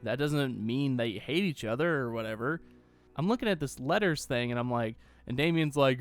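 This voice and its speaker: Here the Austin movie reviewer rants alone about a film, sarcastic and fed up, cursing freely and parodying lines in goofy voices. There's no room sound, just faint music behind his mid-range, lively voice at a moderate pace.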